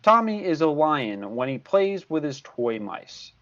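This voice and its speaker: A man's voice: a little high, big pitch swings, measured pace, fairly bright tone, highs cut off. A man in his sixties, a tutor giving a recorded video lesson, patient and repeating key points. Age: 60s. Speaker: math tutor.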